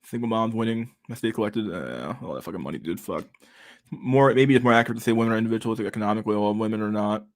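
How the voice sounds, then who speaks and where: A man's voice: fairly low pitch, racing. Profane, laid-back man chatting. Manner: loose, profane, laughs often, reads chat aloud. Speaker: streamer reading chat. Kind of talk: casual chat.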